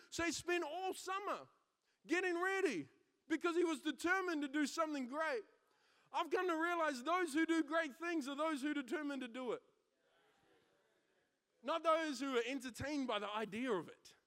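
A young man preaching a sermon, mixing scripture with a school story, energetic and emphatic with frequent restarts. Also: very high-pitched, normal speed. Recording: long hall reverb.

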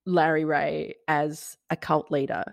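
A woman co-hosting a podcast, chatting about a true-crime story in an animated, joking way, often laughing and sometimes swearing. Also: low voice, measured pace, vocal fry, dry recording. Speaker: podcast co-host. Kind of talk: casual true-crime chat.

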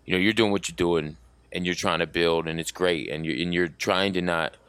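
A man with a very deep voice hosts a podcast in a dry, close recording. He talks in a loose, laid-back way, rambling and checking in with "you know what I mean". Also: a little fast, a bit bright, smooth, dry recording. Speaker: podcast host. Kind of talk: casual podcast chat.

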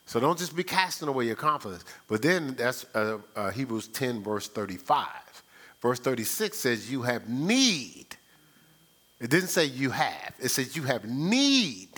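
A man's voice: mid-range voice, expressive, normal speed, a bit bright. A male pastor preaching a sermon, playful and teasing with his congregation.

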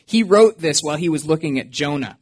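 A male pastor delivering a sermon in a slightly higher-than-average voice. He preaches earnestly and expressively. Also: expressive, a little fast, slightly rough.

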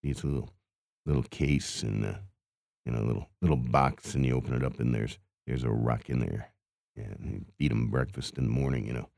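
A man's voice: extremely low pitch, steady tone, a little fast, creaky, a little mellow, dry recording, studio quality, full character voice. A man playing a hapless, grumbling carnival cotton candy vendor in an improvised character monologue, mumbling and stammering with groaning sighs.

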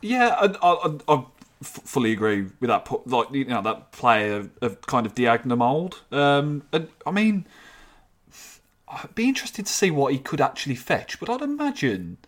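Halting man, mid-pitched voice. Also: big pitch swings, fairly bright tone. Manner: halting, many restarts and fillers, earnest. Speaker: podcast co-host. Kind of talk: casual football podcast chat.

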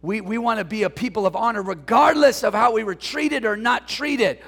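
High, gravelly-voiced preacher in a hall. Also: male voice, normal speed. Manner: animated, call-and-response preaching with jokes. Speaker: pastor. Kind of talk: sermon. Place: church sanctuary.

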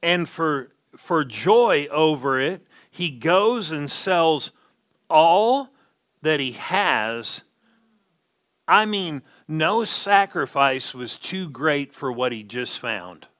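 A male pastor preaching with a bright, forceful voice. He speaks slowly and deliberately, drawing out the words he wants to land and asking his listeners if they are following. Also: a little high, lively intonation. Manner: emphatic preaching, slows down to stress key words, asks the congregation questions. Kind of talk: sermon.

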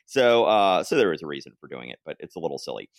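A man hosting a casual comic-book podcast chat, talking in an animated way and laughing often. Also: extremely low pitch, quick pace, no room sound, studio quality. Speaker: podcast host.

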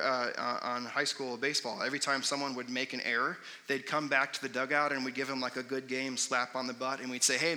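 Young preacher, chatty storytelling delivery, bright slightly high voice, echoing hall. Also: male voice. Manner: conversational, storytelling, sarcastic asides. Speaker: pastor. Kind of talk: sermon. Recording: long hall reverb.

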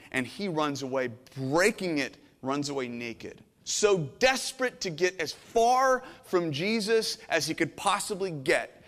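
A middle-aged man preaching a sermon as a pastor, earnest and emotional, swinging from hushed to intense. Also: fairly high pitch, long reverb tail. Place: church sanctuary.

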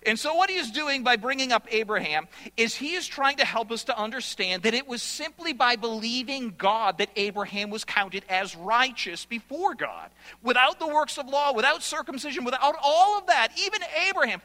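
Man, pastor, sermon, animated, bright tone, long reverb. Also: extremely high pitch, moderate pace. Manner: animated preaching with sudden loud bursts.

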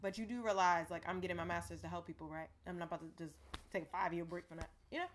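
A young woman co-hosting a casual podcast chat, candid and animated, laughing often. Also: fairly low pitch, fast.

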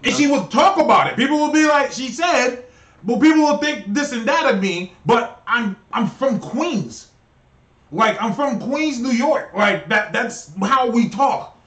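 A man's voice: very high-pitched, expressive, unhurried, a bit bright. A man co-hosting a livestream, reading chat and asking questions with hesitant restarts. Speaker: stream co-host reading chat. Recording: roomy, off-mic sound.

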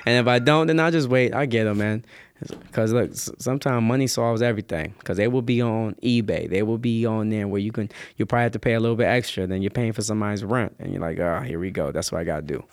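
A man's voice: on the low side, fast talker, clear, resonant tone, dry recording, studio quality. A man co-hosting a casual sneaker podcast, rambling, joking and swearing freely. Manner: rambling, profane, jokey. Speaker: podcast co-host. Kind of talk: casual chat.

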